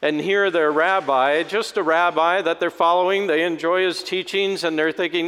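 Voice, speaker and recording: A man's voice: a little high, steady tone, normal speed, hardly any pauses, a bit bright, clean tone. A man preaching a conversational sermon as a pastor, folksy and humorous, acting out voices in his story. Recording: long hall reverb.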